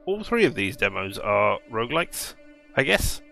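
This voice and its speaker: A man's voice: lowish voice, sing-song, moderate pace, gravelly, bright, forceful tone, soft background music. A man hosting a casual let's play video, commenting on a game in a rambling, self-mocking way.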